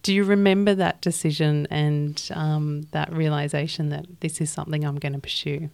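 Brief: woman host, very low gravelly yet smooth voice, slow considered questions. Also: little pitch movement, a little mellow, no room sound. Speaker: interviewer, host. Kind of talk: interview questions.

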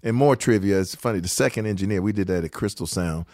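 A man's voice: fairly low pitch, fast talker, a little mellow, no room sound. An older man from Detroit, a session guitarist, telling studio stories in a casual interview, laughing often and acting out other people's lines.

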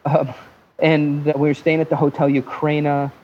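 An animated man telling a story as a podcast guest, joking and cursing freely. His voice sits on the high side and jumps around with mimicked accents. The audio is dull and lo-fi, with faint noise beneath. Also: normal speed.

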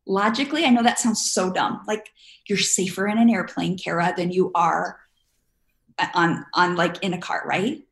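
A woman's voice: lowish voice, steady tone, moderate pace, vocal fry, low-quality recording. A woman giving sleep advice to a parent, emphatic and coaching, often acting out little scenes. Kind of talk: advice conversation.

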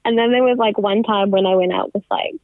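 A young woman talks in a loose, chatty way, laughing now and then and slipping into what others said. Her voice comes through a thin, phone-like line with a dry sound. Her pitch sits in the middle for a woman. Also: fairly even intonation, quick pace, dry recording. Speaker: interview guest. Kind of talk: casual storytelling interview. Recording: tinny phone-line audio.

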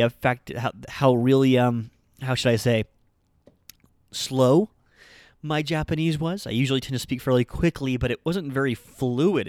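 In a casual monologue, a Japanese teacher who hosts a podcast in Utah tells a story, poking fun at himself and using many fillers. His voice is medium-pitched, with no echo.

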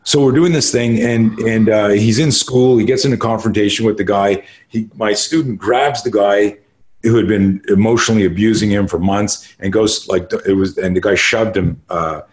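A man's voice: on the low side, steady tone, normal speed. A man in his sixties from Canada, a martial arts instructor telling stories in a podcast interview, swearing freely and talking with emphasis. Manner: profane, emphatic storyteller. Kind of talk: conversational interview storytelling.

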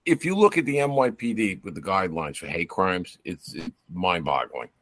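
Low-voiced retired cop telling stories. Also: male voice, animated, moderate pace, fairly bright tone. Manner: storyteller who acts out quoted dialogue. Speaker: retired police officer guest. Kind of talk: casual podcast chat.

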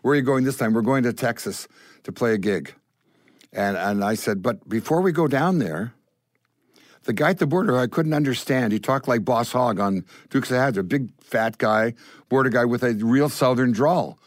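An older Canadian man, a guest musician, telling stories in an animated way and acting out the voices of the people in them. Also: mid-range voice, normal speed, dry recording. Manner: acts out voices in his stories. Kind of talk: animated storytelling.

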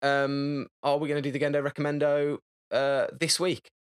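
A man's voice: on the high side, little pitch movement, moderate pace, clean tone. A man co-hosting a podcast, chatting and bantering with his friend. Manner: teasing, banter-heavy. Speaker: podcast co-host. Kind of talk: casual chat.

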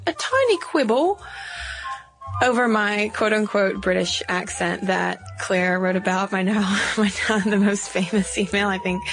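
A woman's voice: mid-range voice, gravelly. Woman cohost chatting on a podcast, earnest, laughs easy, faint music behind. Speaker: podcast co-host. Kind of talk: casual podcast chat.

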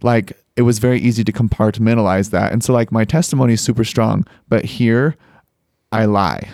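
A young man telling a personal story as a podcast guest, earnest and animated, with many filler words. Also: lowish voice, fairly quick, no echo, clean studio sound. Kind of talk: conversational storytelling.

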